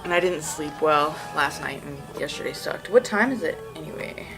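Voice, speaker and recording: A woman's voice: low voice, animated, normal speed, over music, low-quality recording. A woman hosting a casual solo podcast, sleepy and just out of bed, rambling with lots of "like" and frequent giggles. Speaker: podcast host.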